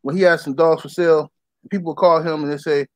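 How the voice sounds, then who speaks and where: A man's voice: fairly high pitch, steady tone, quick pace, darkish tone, dry recording. A man hosting a casual chat, emphatic and profane. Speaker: podcast host.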